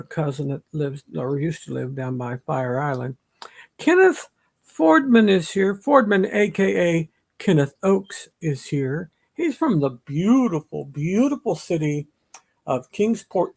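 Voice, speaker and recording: A man hosting a livestream, chatting casually and greeting viewers by name in a slow, rambling, friendly way. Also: a little high, vocal fry. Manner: slow, rambling, friendly shout-outs to chat. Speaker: livestream host.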